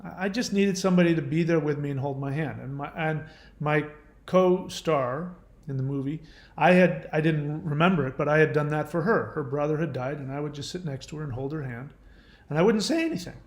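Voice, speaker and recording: A man hosting his own channel, answering viewer questions in casual, gentle, reassuring advice talk. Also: a little high, brisk, echoey room.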